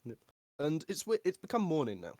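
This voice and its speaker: Lively, laughing man running the game. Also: a little high, a little fast, dry recording, studio quality. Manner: animated, laughs often, loose and joking. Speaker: game master. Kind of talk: narrating a tabletop game live.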